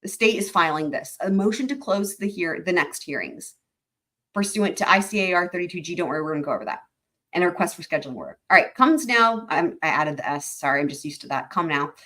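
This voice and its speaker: A woman's voice: on the low side, animated, quick pace, bright, forceful tone. Chatty woman reading court filings. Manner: chatty, with many fillers and asides to viewers. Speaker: host of a legal commentary livestream. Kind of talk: casual livestream commentary reading court filings.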